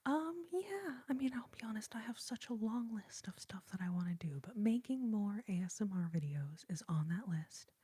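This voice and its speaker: A young woman hosting a live stream, talking gently in a half-whisper and laughing easily as she thanks viewers. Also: medium pitch, very animated, moderate pace, few pauses, breathy edge, dry recording. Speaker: ASMR and singing live-stream host. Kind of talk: soft-spoken live-stream chat reading viewer comments. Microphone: sensitive studio microphone.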